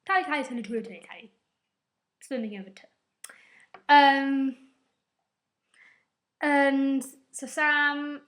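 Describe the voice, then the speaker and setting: Chatty woman with a high voice. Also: pushed and bright. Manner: rambling, chatty, emotional, swears. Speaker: vlogger. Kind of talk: casual TV episode recap.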